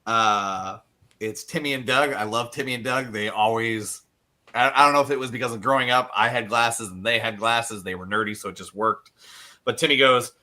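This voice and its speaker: A man's voice: mid-range voice, normal speed, bright, forceful tone. A man co-hosting a casual podcast, talking animatedly and acting out film quotes now and then. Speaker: podcast co-host. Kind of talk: casual chat.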